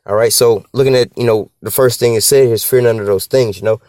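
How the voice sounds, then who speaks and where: A man giving a casual, slang-filled Bible teaching, talking conversationally and slowing down to read scripture. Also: medium pitch, steady tone, darkish tone, no room sound, studio quality.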